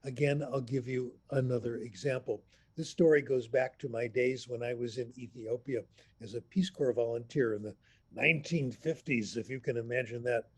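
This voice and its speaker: A man in his eighties, a language professor telling anecdotes in an unhurried, storytelling way on a remote video call. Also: mid-range voice, fairly even intonation, slightly rough. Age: 80s. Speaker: language professor, interview guest. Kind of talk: storytelling interview answer. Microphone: computer mic on a video call.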